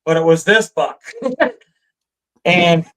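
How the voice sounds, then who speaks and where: A man with a Michigan accent telling a hunting story in a relaxed chat, animated and laughing often. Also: a little high, slow pace, poor audio. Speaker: guest storyteller. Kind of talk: casual storytelling.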